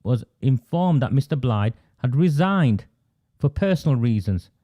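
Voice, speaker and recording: A man with an Oldham accent, hosting an online political show over a video call, talking in an animated, indignant way with many restarts. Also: medium pitch, a little slow. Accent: Oldham, Northern English. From England. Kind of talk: conversational video call discussion.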